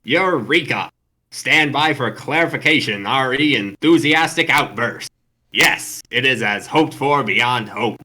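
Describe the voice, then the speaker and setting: A man's voice: medium pitch, expressive, a little slow, sharp tone. A man reading a stiff formal father's clipped notes aloud on stream. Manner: clipped, telegram-like formal phrasing.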